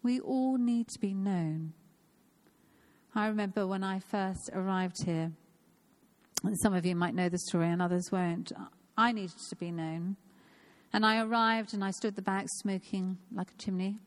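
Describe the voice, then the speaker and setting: A woman's voice: mid-range voice, moderate pace. A woman of fifty giving an informal, personal sermon in a church, earnest and repeating phrases for emphasis. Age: 50s. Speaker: church speaker.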